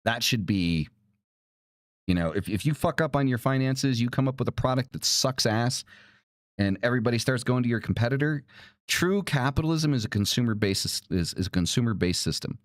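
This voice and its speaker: A man's voice: mid-range voice, animated, fairly quick, no echo, studio quality. A male podcast host in a casual monologue, ranting and swearing, with lots of "right?" and "like" fillers. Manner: profane, ranting, heated.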